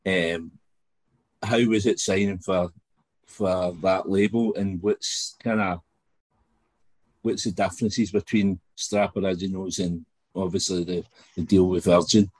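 Male podcast host, very low voice, relaxed questions, dry close sound. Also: a little slow, no room sound. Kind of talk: casual interview chat.

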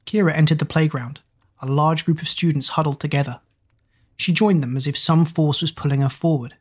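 A reader narrating a children's story in an even, measured way. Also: medium pitch, breathy edge.

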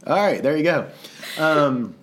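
Animated, laughing male podcast co-host. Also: fairly high pitch, measured pace, a little hiss or hum. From United States. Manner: animated storyteller, acts out quotes, laughs often. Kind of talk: casual chat.

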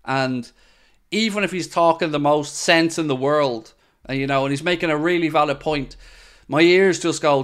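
Reading comments from his live chat, a young podcast host talks in a chatty, opinionated style, full of fillers and tangents. His voice sits on the high side and is a bit bright, moving at a moderate pace.

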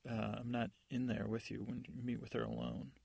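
A man voicing a stern, dutiful male captain of the guard in a bedtime story, gruff and suspicious. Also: mid-range voice, little pitch movement, fairly quick, darkish tone, no echo.

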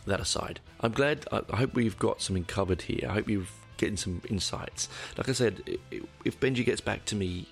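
A man's voice: on the low side, brisk, creaky, hardly any pauses, faint music behind. A middle-aged man hosting a casual solo podcast, rambling and candid, correcting himself often, with dry asides. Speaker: podcast host.

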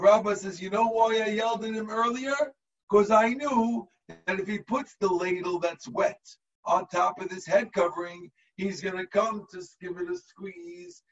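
A man's voice: high voice, distant mic, lo-fi sound. A man, a rabbi, teaching a text to his students over a video call, explaining step by step and checking in with the class.

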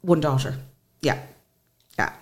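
Irish woman, forties, guest; emotional, lively storyteller with a lowish voice. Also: slow pace. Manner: emotional, animated, acts out what others said. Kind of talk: personal storytelling in a podcast interview.

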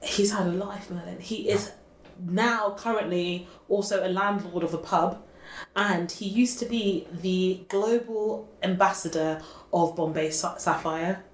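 A woman in relaxed chat, gushing and talkative and heavy on filler words. Her voice sits fairly low. The recording has a roomy echo and a faint hiss behind it. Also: measured pace. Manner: gushing, chatty, fillers like "like" and "oh my God". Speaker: podcast co-host. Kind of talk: casual chat.

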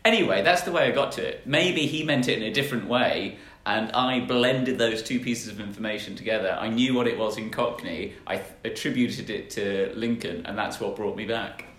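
A man's voice: on the low side, moderate pace, few pauses, a bit bright. A man, co-hosting a casual podcast chat in a playful, joking, rambling way. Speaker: podcast co-host. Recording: roomy echo.

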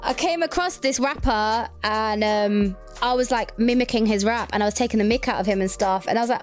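A woman's voice: a little high, brisk, few pauses, soft background music. A young woman with a girlish, childlike voice, chatting and giggling as a podcast co-host. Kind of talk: casual chat.

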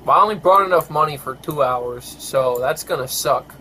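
A man's voice: on the high side, moderate pace, bright, forceful tone, a little hiss or hum, rough recording. A tired man hosting a podcast in casual chat, grumbling and swearing often. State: tired, yawning. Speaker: podcast host.

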